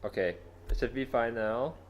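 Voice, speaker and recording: A young adult man co-hosting a casual podcast, soft-spoken and giving short replies. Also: mid-range voice, moderate pace, highs cut off. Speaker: podcast co-host. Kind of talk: casual chat.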